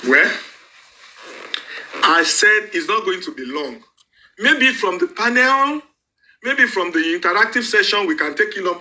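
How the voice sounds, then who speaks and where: Nigerian guy hosting a live panel, really bright voice, pitched up, keeps repeating himself for emphasis. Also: low-quality recording. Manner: emphatic, repeats points, switches into pidgin. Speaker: panel host. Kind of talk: live online panel commentary.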